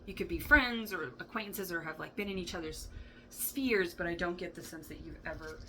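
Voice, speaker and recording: A woman's voice: fairly low pitch, fairly quick, fairly bright tone, slight background noise, rough recording. A woman giving a casual tarot reading, rambling and thinking aloud, with laughs and the odd swear word. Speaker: tarot reader. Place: indoor room with a fan running.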